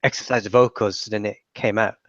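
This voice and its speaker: A man's voice: on the low side, fairly even intonation, fast, a bit bright, no room sound. Man chatting on dull dry audio. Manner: chatty, rambling, with frequent restarts. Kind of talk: casual conversation.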